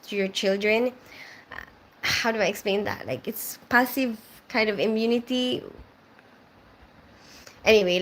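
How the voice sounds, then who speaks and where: Bright-voiced woman chatting on a live stream. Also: mid-range voice. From Philippines. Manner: reads viewer comments aloud and answers them; chatty with frequent fillers. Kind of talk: casual live-stream chat.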